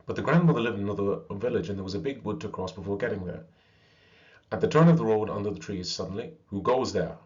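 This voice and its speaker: A man reading an old fairy tale aloud with expressive storybook narration, on a slightly dull recording. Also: lowish voice, fast.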